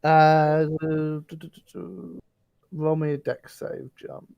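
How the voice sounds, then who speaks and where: A game master narrating a tabletop game, halting and heavy on fillers. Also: medium pitch, flat delivery, creaky, clear, resonant tone, dry recording, highs cut off.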